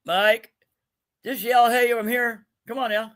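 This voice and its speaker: Slow, bright-voiced man hosting a live giveaway. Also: very high voice, steady tone. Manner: laughs often, jokey and loose, talks to viewers by name. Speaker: livestream host running a giveaway. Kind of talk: casual livestream chat.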